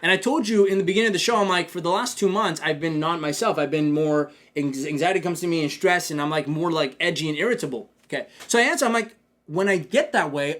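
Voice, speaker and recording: A man hosts a casual business podcast at a quick clip, his voice sitting a little high for a man. He is energetic and speaks straight to his listeners. He slips into short acted-out snippets of his own thoughts. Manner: energetic, talks to listeners directly with frequent "man" and "check this out"; acts out his own inner dialogue in quoted asides. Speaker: podcast host and business coach.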